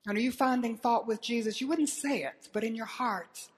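A woman delivers a sermon with earnest conviction. She presses her listeners with pointed questions and tells the old stories with dramatic flair. Her voice sits a little high for a woman. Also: normal speed. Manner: earnest, rhetorical questions to the audience, dramatic retelling. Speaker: preacher.

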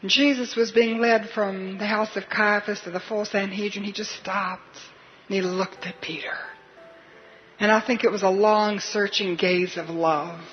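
A woman's voice: medium pitch, steady tone, unhurried, muffled recording, faint music behind. A woman preacher delivering a sermon in an earnest, questioning, urgent manner.

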